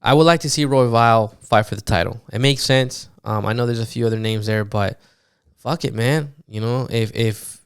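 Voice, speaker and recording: A man recapping fights on his podcast in a loose, animated monologue, swearing often and full of fillers. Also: mid-range voice, moderate pace, clear, resonant tone, no echo, studio quality. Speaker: podcast host.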